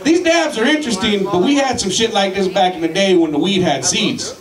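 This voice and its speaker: A Colorado man with a high, fairly quick voice is doing a rowdy, profane stand-up set, shouting at the crowd. He's in a comedy club with a live audience, recorded from a distance so the room sounds echoey.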